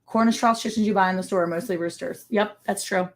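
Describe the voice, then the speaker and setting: A woman with a medium-pitched, steady voice talks fast while hosting a casual livestream from her ranch home. She chats playfully and jokes as she reads out viewer comments.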